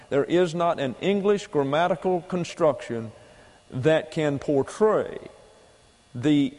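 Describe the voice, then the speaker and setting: A man's voice: a little high, dark tone. A man preaching a doctrinal sermon, explaining Greek grammar point by point and repeating key phrases for emphasis. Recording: long hall reverb.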